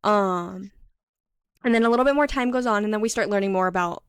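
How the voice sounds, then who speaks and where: Female podcast co-host, mid-pitched, casual recap voice, dry mic. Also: clean tone, dry recording. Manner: retells scenes with quick quoted voices, many "like" fillers. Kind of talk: casual book recap chat.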